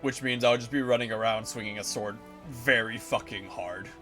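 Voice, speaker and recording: A man streaming a game live, reacting excitedly and swearing often. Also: medium pitch, normal speed, soft background music. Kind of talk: live gameplay commentary.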